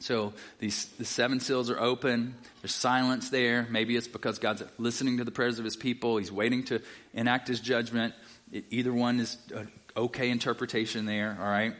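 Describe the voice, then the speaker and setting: A man's voice: mid-range voice, level tone, moderate pace, a bit bright. Casual male Bible teacher. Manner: casual, checks in with listeners; reads scripture aloud. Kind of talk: conversational sermon.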